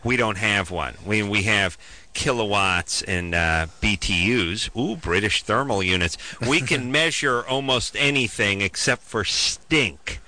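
A man hosting a call-in radio show, bantering and joking in an animated way. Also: fairly low pitch, measured pace. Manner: animated, joking, loud bursts of mock outrage.

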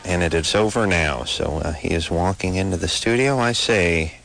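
A man's voice: deep voice, normal speed, vocal fry, fairly bright tone. Brash joking male radio host. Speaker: radio call-in show host. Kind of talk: late-night radio banter. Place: radio studio.

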